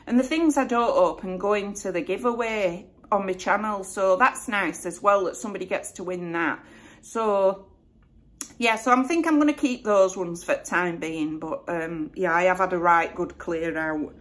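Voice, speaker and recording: At a normal speed, a middle-aged vlogger from Bradford talks casually in a West Yorkshire accent, answering Q&A questions in a rambling, self-correcting way. Her mid-range voice has a fairly bright tone.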